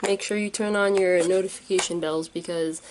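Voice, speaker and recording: A woman's voice: fairly low pitch, fairly even intonation, moderate pace, background noise. A young woman vlogging casually, rambling and unsure, with many fillers. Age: young adult. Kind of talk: casual vlog.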